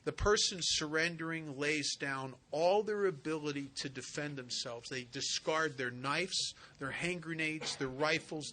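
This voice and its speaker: A man's voice: on the high side, sharp tone, slight background noise. A man speaking at a recovery retreat, telling earnest stories in a conversational way. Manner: earnest, conversational with vivid asides. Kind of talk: personal storytelling talk. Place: retreat center talk.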